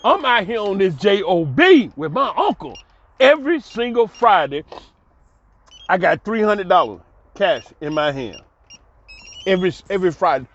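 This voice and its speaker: A man's voice: high-pitched, big pitch swings, moderate pace, long pauses, a bit bright. A middle-aged man telling his own life story in a colloquial, exclamatory way, laughing often. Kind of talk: animated personal storytelling. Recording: dull lo-fi dry recording.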